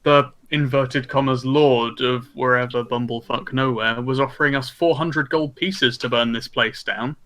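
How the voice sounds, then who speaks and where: Australian male player, bright tone, dry sarcastic negotiator. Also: medium pitch, steady tone, moderate pace, hardly any pauses. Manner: blunt, sardonic bargaining. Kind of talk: in-character tabletop play.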